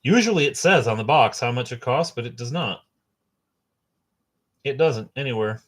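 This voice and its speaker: A middle-aged man hosting a casual book unboxing, rambling and enthusiastic, with a halting way of talking. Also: mid-range voice, expressive. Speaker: host.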